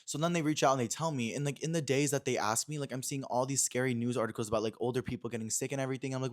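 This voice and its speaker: A man's voice: medium pitch, fairly even intonation, racing, hardly any pauses. A young man hosting a podcast in a small room, chatting casually and acting out quotes as he retells a story. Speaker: podcast host.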